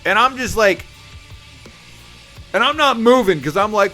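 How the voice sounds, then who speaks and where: Lively, bright-voiced male streamer. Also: high-pitched, unhurried, soft background music. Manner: animated, acts out voices in his stories. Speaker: livestream host. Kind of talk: casual storytelling chat with viewers.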